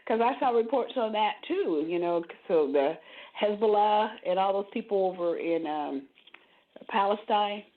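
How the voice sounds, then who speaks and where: A woman talks with a very lively, swooping pitch and often stumbles over her first words. She comes through a thin, tinny phone line. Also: a little slow. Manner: animated, repeats words as she starts. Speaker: podcast co-host. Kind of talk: casual conversation.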